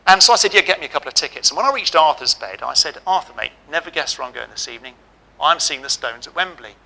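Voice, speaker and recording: A man's voice: on the high side, animated, quick pace, vocal fry, pushed and bright, low-quality recording. A middle-aged man giving a ceremony address, telling a humorous hospital anecdote and giving direct advice. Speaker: ceremony speaker. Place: lecture hall.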